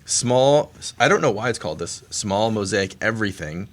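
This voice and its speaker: A man's voice: on the low side, expressive, normal speed. A man co-hosting a casual beer podcast, laughing often and talking with many fillers and restarts. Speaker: podcast co-host. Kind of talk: casual chat.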